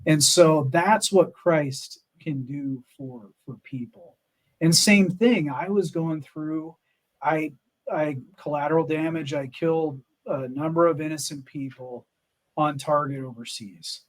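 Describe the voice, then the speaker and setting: Middle-aged american guy talking earnest and emphatic, kinda high voice, lots of you knows. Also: unhurried, rough recording. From United States. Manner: earnest, emphatic, many fillers and restarts. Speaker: podcast guest, Army Ranger veteran. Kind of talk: candid interview talk.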